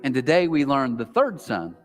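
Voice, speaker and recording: A man preaching a sermon as pastor, animated, sometimes acting out a whispering inner voice. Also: mid-range voice, normal speed, soft background music. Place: large church auditorium. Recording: long hall reverb.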